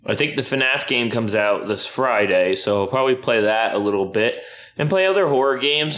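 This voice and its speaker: Man, casual vlog chat, playful, lively pitch, high baby-talk at the dog. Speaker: YouTuber filming his dog.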